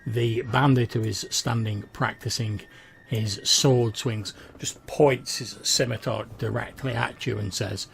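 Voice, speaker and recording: A man narrating a tabletop role-playing session as game master, describing the action in a measured way. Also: medium pitch, steady tone, vocal fry, slight background noise.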